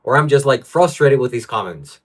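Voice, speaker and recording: Streaming live from his home, a man reads out comments from viewers and vents his frustration over them. He speaks briskly and animatedly in a mid-range voice.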